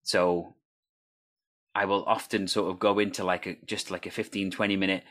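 A man's voice: deep voice, flat delivery, moderate pace, a bit bright. A man who works as a teacher and improviser, talking casually and fluently in an anecdotal, storytelling way. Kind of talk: casual chat.

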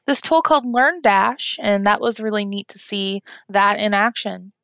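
A woman's voice: mid-range voice, moderate pace, creaky, a bit bright, no echo. A woman guest on a podcast, talking about her career in a friendly conversational way with some fillers. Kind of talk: casual podcast interview.

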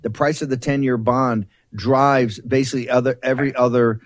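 A man's voice: mid-range voice, fairly even intonation, moderate pace, no room sound. A male talk-show host who speaks emphatically and keeps repeating key phrases. His voice sits dry and close to the mic, with no room sound around it. He cuts in on his guest. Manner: emphatic, repetitive, interrupts guest.

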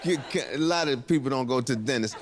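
A man doing a stand-up comedy set, telling a loose, animated story full of profanity and acted-out quotes. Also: medium pitch, fast. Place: stage before a live audience. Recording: live club recording with loud crowd noise.

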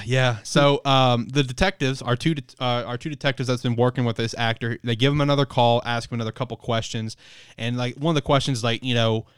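A man's voice: medium pitch, a bit bright, smooth, dry recording, studio quality. A man casually recapping a story on a podcast, rambling with lots of fillers and cussing. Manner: rambling, filler-heavy, swears freely. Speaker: podcast co-host. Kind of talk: casual chat reviewing a manga.

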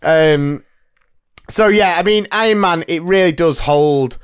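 A man's voice: on the high side, a little slow, smooth. A man, co-hosting a casual podcast chat, teasing his friend and laughing often. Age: 30s. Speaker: podcast co-host. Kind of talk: casual banter.

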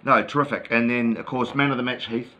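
A man's voice: mid-range voice, steady tone, a little fast, sharp tone. A man co-hosting a casual football chat, easygoing and hesitant, with many ums and yeahs. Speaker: football podcast co-host. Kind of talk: casual match review chat.

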